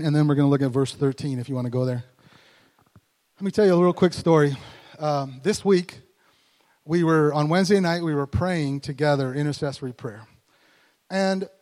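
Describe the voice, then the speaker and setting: A man preaching a conversational sermon as pastor, animated and slowing down to stress scripture. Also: on the high side. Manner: conversational and animated, voice rising in bursts; slows down to stress scripture words. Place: church sanctuary. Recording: long hall reverb.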